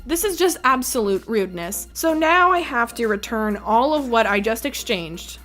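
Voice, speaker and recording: A young woman vlogger telling a story in a casual, animated way, laughing often and saying "like" a lot. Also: a little high. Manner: animated, with frequent laughs and filler "like".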